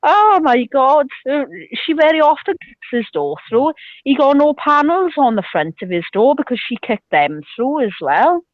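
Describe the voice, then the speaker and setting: A woman's voice: high-pitched, animated, normal speed, no echo, muffled recording. A middle-aged woman, chatting and telling gossipy stories over the phone from a beer garden. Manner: storytelling with loud bursts of laughter. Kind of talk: casual chat.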